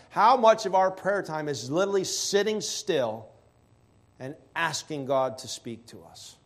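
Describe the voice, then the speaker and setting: A man preaching a sermon, stressing key words slowly and asking rhetorical questions. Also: a little high.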